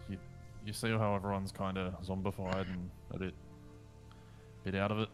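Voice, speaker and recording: Man, tabletop player, very deep voice, dry, blunt, casual. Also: flat delivery, moderate pace, music in the background. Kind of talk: casual tabletop game chat.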